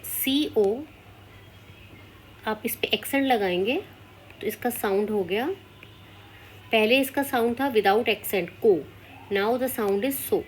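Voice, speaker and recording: A woman teaching French step by step and often checking with "Clear?", switching between English and Hindi. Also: on the high side, rapid-fire, pauses often, slight background noise. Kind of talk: classroom-style language lesson.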